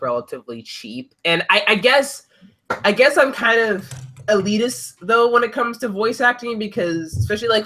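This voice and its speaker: A man hosting a casual podcast, his voice bright and a touch high. He rambles through his points with lots of fillers and restarts, in a relaxed group-chat style. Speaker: podcast host.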